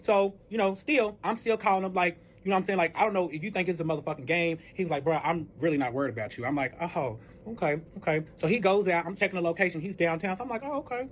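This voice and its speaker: A man talks very fast with hardly any pauses in a high-pitched voice, with slight background noise, as he retells a cheating story. As a guest in a casual storytime, he is animated, profane and dramatic, acting out the arguments he quotes.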